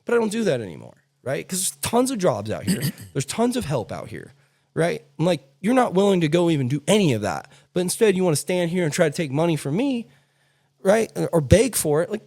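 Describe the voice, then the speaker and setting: Animated, blunt-talking man. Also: sits high, vocal fry. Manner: animated, blunt storytelling with swearing. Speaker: podcast host. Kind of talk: casual chat.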